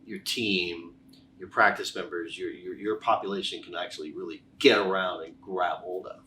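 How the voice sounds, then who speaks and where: A middle-aged man, a chiropractor guest on a podcast, chatting casually and telling animated anecdotes with frequent restarts. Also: low voice, normal speed. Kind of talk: casual conversational storytelling. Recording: distant mic with faint background noise.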